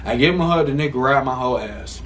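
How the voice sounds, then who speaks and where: A man's voice: mid-range voice, fast talker, distant mic, a little hiss or hum. A man in his twenties telling a casual storytime vlog from a room at home, blunt, profane and heated as he talks. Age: 20s. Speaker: vlogger.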